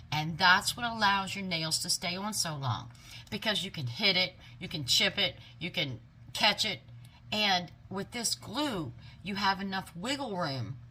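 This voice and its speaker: A woman's voice: medium pitch, bright, forceful tone, a little hiss or hum. A woman hosting a casual product review video, chatting enthusiastically to her viewers. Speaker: haul video host.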